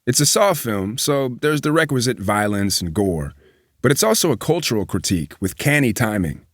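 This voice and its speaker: A man reading a magazine profile aloud as a news reader, at a measured, even pace. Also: medium pitch, no echo, clean studio sound.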